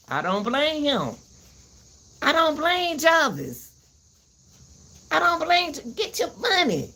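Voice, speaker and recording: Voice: medium pitch, a bit bright. Fired-up commentary host ranting. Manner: fiery, repeats herself, cusses. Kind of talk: heated commentary rant.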